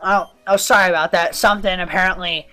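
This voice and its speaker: A woman's voice: lowish voice, fairly even intonation, fast talker, bright, forceful tone, faint music behind. A woman from the Southern United States giving casual, rambling commentary over a video game playthrough, drifting off on tangents. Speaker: let's player.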